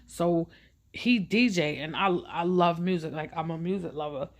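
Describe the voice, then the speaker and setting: A woman casually telling a personal story in a chatty, animated way, acting out what other people said. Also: lowish voice, moderate pace.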